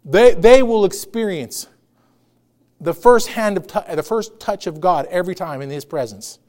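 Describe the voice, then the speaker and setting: A man's voice: high-pitched, normal speed, darkish tone. A male pastor preaching a conversational sermon, laughing often and acting out quotes.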